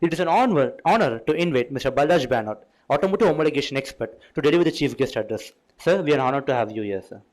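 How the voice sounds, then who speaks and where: A man's voice: mid-range voice, lively intonation, fast, few pauses, rough recording. A man hosting a formal event, reading a guest's credentials in an effusive, ceremonial way. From India. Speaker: event host. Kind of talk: formal introduction.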